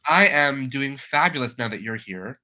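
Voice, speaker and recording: A man's voice: medium pitch, lively intonation, moderate pace, sharp tone. A man hosting a live stream chat show, talking in an enthusiastic, chatty way with plenty of fillers. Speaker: host.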